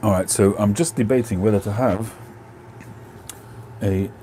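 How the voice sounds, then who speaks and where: A man's voice: fairly low pitch, measured pace, mellow, a little hiss or hum. A man hosting a casual live stream from home on a phone, chatting and answering viewers' comments.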